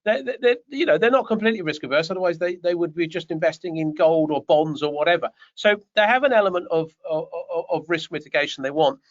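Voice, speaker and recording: A man's voice: a little high, fast talker, few pauses. A man, coaching property developers in an online question session, chatty and rambling with joking asides. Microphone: video call. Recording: dull lo-fi online call audio.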